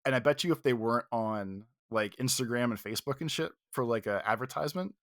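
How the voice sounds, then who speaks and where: Male podcast co-host, mid-pitched, casual and animated, swears a lot, dry close mic. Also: fast talker, no room sound. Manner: animated, profane retelling with quoted outbursts. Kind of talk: casual storytelling chat.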